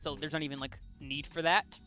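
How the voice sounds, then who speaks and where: Brisk and a little high-pitched, his voice is pushed and bright with little pitch movement, and faint music plays behind it. He's a podcast co-host casually retelling a comic's plot, full of fillers and restarts.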